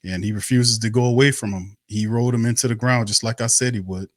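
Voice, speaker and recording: A man's voice: medium pitch, fairly even intonation, a little fast, no room sound, clean studio sound. A man hosting a sports talk livestream, ranting about his team with angry, exasperated, profane talk and lots of repetition. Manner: profane, exasperated, repeats himself. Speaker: sports talk show host.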